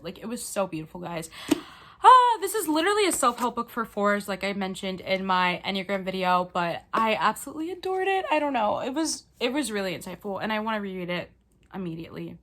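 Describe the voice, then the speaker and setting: A woman's voice: medium pitch, big pitch swings, fast talker, fairly bright tone. A woman book vlogger talking to camera in a casual, gushing, emotional way about her favorite reads.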